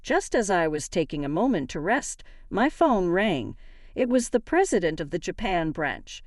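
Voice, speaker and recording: A woman giving a scripted first-person story narration in a measured storytelling manner. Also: on the low side, very animated, dry recording, clean studio sound.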